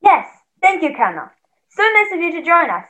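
A woman acting as a butler in a stage play, recapping a murder mystery in a fast, theatrical way. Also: very high-pitched, sing-song, sharp tone, full character voice, poor audio. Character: butler narrating the murder case, brisk and theatrical.

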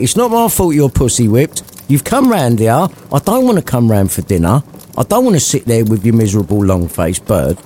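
A man voicing a crude, sarcastic old miser who swears loudly. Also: medium pitch, a little hiss or hum, pitched above the performer's own voice, close to an everyday voice. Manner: loud foul-mouthed rants.

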